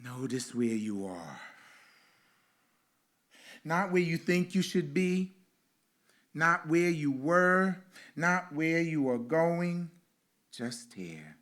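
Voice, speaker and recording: Slow, bright-voiced male reverend preaching. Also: fairly high pitch, animated. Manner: slow, rhythmic preaching with repeated phrases. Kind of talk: sermon with guided meditation. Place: spiritual center service.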